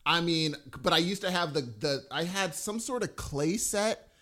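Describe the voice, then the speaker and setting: A man co-hosting a podcast in casual chat, enthusiastic and animated, often trailing off mid-sentence. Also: on the high side, moderate pace. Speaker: podcast co-host.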